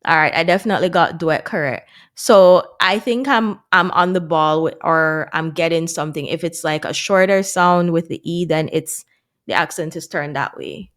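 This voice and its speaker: In this casual vlog, a woman chats with her viewers about her progress in a language course, laughing at her own errors. She speaks at a normal speed in a fairly low voice with a fairly bright tone.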